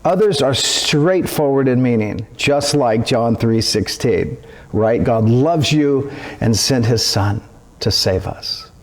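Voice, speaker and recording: A male pastor giving a sermon, speaking deliberately with an animated, teaching inflection. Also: mid-range voice.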